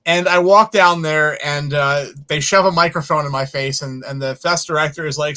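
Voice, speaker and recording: A man who is a filmmaker guest, telling stories in an interview in an animated way and swearing casually. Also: on the high side, fairly quick, hardly any pauses. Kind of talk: storytelling in an interview.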